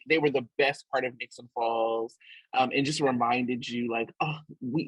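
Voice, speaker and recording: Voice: medium pitch, slightly rough, dry recording, poor audio. A podcast co-host in casual chat, effusive and repeating words for emphasis.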